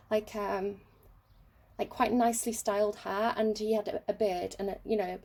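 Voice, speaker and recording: English woman, tarot reader, higher voice, rambling and casual with frequent fillers. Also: darkish tone. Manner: rambling, chatty, many fillers and laughs. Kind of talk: casual storytelling in a tarot reading.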